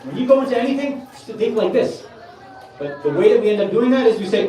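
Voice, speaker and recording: A man's voice: sits high, sing-song, fast, mellow. Brief: male preacher, earnest and conversational, recorded far off in a big echoey hall. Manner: earnest, conversational, with Arabic religious terms. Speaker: speaker at a Muharram gathering. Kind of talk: sermon. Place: large hall with a gathering.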